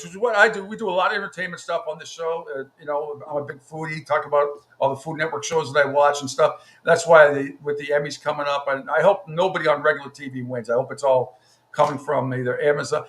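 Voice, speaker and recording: A man's voice: fairly high pitch, fairly bright tone. A man hosting a radio show, talking bluntly and profanely about the business, often restarting his sentences. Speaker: radio host. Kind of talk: casual radio chat.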